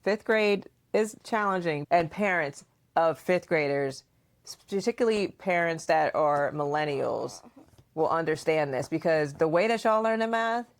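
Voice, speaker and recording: A woman hosting a casual podcast chat, asking questions and acting out remembered dialogue in a playful, animated way. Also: low-pitched, a little slow, smooth. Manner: frequent laughter and questioning. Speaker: podcast host and mother.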